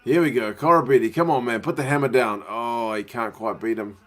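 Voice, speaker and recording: A man's voice: mid-range voice, a little fast. A man hosting a casual live watch-along from his living room, chatting and answering viewers' questions. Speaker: livestream host.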